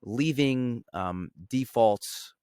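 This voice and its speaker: A man's voice: medium pitch, extremely slow, darkish tone, clean tone, no room sound, clean studio sound. A man with a New York accent, a podcast guest explaining things in casual chat, often checking in with "right?". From Staten Island, New York.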